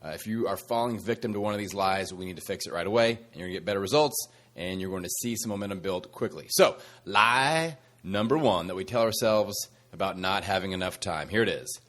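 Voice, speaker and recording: A fitness coach hosting his own podcast, speaking in a slightly low male voice. He talks to listeners in an upbeat, motivational way, teasing them with a sassy edge while he coaches. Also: a little fast, few pauses, a bit bright.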